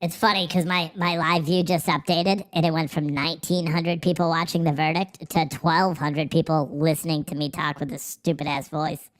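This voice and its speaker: A man hosting a livestream through a pitch-shifting voice changer, chatting casually while reading viewer comments, sarcastic and profane with frequent laughs. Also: little pitch movement, moderate pace, fairly bright tone. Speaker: livestream host. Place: office.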